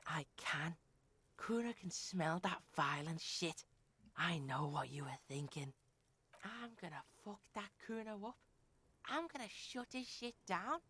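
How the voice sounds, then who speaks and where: A woman's voice: mid-range voice, expressive, measured pace, bright, forceful tone, slightly rough, heavily acted. A woman voicing a crude, swaggering young boy who taunts and talks about himself in the third person. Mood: menacing.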